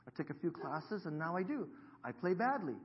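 A man in his fifties preaches in a church, joking and talking easily with his congregation. His voice sits a little high for a man. The recording sounds dull and lo-fi. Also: very animated, a little fast, a little hiss or hum. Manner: jokey, self-deprecating, chatty with the congregation. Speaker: pastor. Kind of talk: sermon. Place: church sanctuary.

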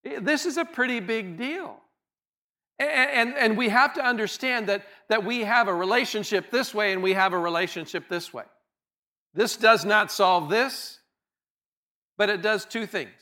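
High, bright-voiced pastor preaching earnestly. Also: male voice, normal speed. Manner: earnest, conversational preaching with repeated restarts and light laughter. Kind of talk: sermon. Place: church sanctuary.

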